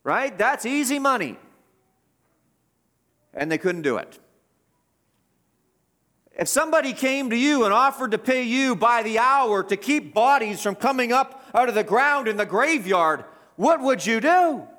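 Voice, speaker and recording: A man preaching a sermon, swinging between loud emphatic bursts and hushed passages, and asking his listeners questions. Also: very high voice, expressive, a little slow, pauses often.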